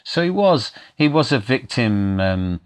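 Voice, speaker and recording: A man, an actor being interviewed, reminiscing casually with a halting, hesitant manner. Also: mid-range voice, sing-song. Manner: halting, many fillers and restarts.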